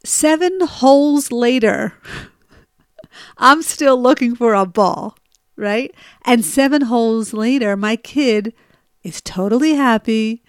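A woman's voice: on the high side, takes it slowly, dry recording, clean studio sound. A middle-aged woman telling a personal story in a conversational way, often asking listeners "right?" and laughing at herself. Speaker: storyteller sharing personal stories.

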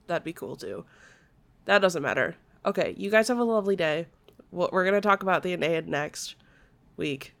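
A woman's voice: on the low side, fairly bright tone. A woman hosting a podcast in a casual, chatty way, her voice nasal and congested from a cold. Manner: chatty, upbeat, giggly. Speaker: podcast host.

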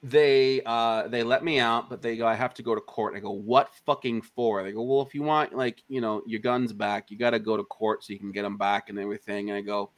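Profane man telling a lively story. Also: fairly low pitch, quick pace, few pauses. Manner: animated, profane, acts out quoted dialogue. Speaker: interview guest, indie filmmaker. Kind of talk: casual anecdote storytelling.

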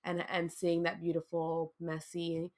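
A woman's voice: lowish voice, completely flat delivery, measured pace, darkish tone. A woman hosting a podcast who reacts effusively and emotionally to her guest's story. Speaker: podcast host. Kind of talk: casual conversation.

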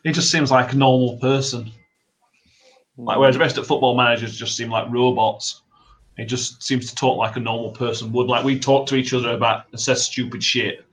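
A man's voice: medium pitch, steady tone, brisk, fairly bright tone, slight background noise, low-quality recording. A man hosting a casual football podcast, rambling and swearing freely as he signs off. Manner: swears, laughs often, rambling sign-off. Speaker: podcast host.

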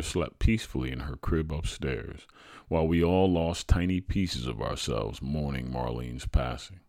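A man hosting a podcast, reading a true family story aloud in an expressive, animated way. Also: a bass voice, no room sound, clean studio sound. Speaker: podcast host and narrator.

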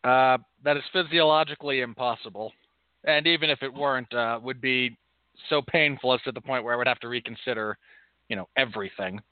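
A man's voice: mid-range voice, a little fast, smooth, no room sound. A man co-hosting a casual podcast, talking in a dry, precise, pedantic way as he corrects his co-host. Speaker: podcast co-host and MMA commentator. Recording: tinny phone-like sound, dry.

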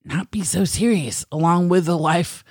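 A woman's voice: fairly low pitch, moderate pace, darkish tone, slightly rough, no echo, studio quality. A woman co-hosting a podcast, telling a story in casual chat, laughing often and acting out the lines she quotes. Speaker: podcast co-host.

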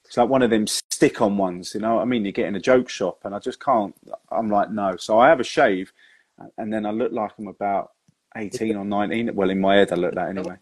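A man's voice: fairly low pitch, fairly quick, breathy edge, no room sound. A man hosting a chat show, friendly and matey with his guest. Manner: matey, calls guest "mate". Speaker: host. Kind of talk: casual chat.

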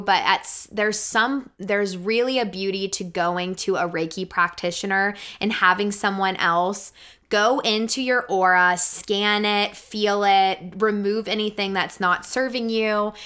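A woman speaking as a guest in a relaxed podcast chat, with a bright, forceful edge to her voice. Her tone is clean and crisp. She tells earnest stories, full of "like"s and quick asides. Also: mid-range voice. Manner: earnest, animated storytelling with many fillers. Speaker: guest, physical therapist. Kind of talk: casual podcast conversation.

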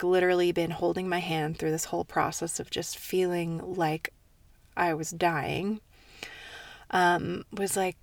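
A woman's voice: lowish voice, no echo, recorded from a distance. Earnest, confiding woman, set slightly back. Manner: soft, earnest and confiding, drops to near-whispers. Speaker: podcast host. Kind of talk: intimate personal monologue.

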